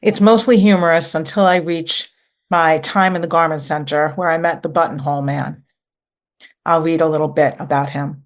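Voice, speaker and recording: A woman introducing her essay and reading a passage in a plain, unhurried storytelling way. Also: deep voice, steady tone. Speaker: essay author reading aloud.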